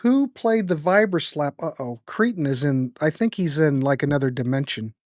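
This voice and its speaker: A man's voice: a little high, normal speed, a little mellow, no room sound, studio quality. Wry, laid-back male podcast host. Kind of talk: casual podcast chat.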